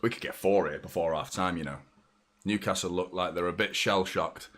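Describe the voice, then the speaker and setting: A man hosting a live football watchalong. He reacts excitably to the play, swears freely and chats with viewers' messages. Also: sits low, moderate pace. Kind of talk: live match watchalong commentary.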